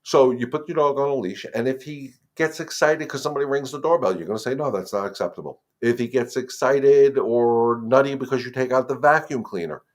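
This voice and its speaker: A man's voice: medium pitch, fairly quick, few pauses. A man hosting a live dog-training Q&A, talking casually and directly to viewers, repeating words and turning firm and emphatic on the rules. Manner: conversational, repeats words, addresses viewers as guys. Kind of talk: casual live-stream advice.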